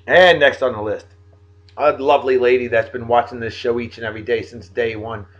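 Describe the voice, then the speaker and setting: A jovial man, talking casually to his viewers as a show host. His delivery is folksy and animated, with big swings in pitch. The sound is a bit dull, like a simple home recording. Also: fairly quick. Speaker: host of a daily beer and song video show. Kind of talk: casual shout-outs monologue.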